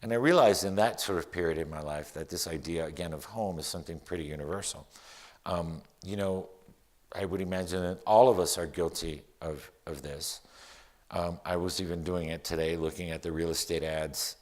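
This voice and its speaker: Low-voiced poet reading to an audience. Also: male voice, normal speed. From Miami, United States. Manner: relaxed, wry, self-deprecating humor; reads the poem with lively, rising emphasis. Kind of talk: public talk and poetry reading. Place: live event before an audience.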